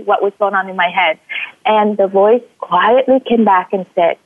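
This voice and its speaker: A woman from Vietnam talks over a tinny, phone-like line with a dry sound. She tells her story as a guest in a casual interview. She acts out quoted lines in a much higher voice. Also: moderate pace, no echo. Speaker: guest, life coach. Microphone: phone call.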